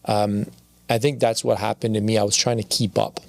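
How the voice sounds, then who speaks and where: A man with a gravelly, creaky voice talks as a podcast guest and reflects openly on his life. He often circles back and repeats his phrases. The sound is close and dry, with no room echo. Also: lowish voice, level tone, fairly quick. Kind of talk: candid podcast conversation.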